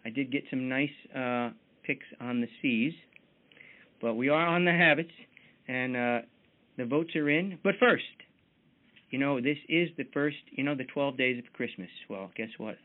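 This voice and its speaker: A man's voice: medium pitch, unhurried. A man leading a motivational team mentoring call in a folksy, chatty manner, full of fillers, heard over tinny call audio.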